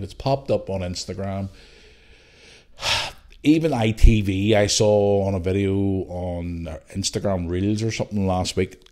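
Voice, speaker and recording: A man ranting on his own podcast, exasperated and full of sarcasm. His voice sits a little low for a man. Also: darkish tone. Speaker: podcast host. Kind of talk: solo podcast rant.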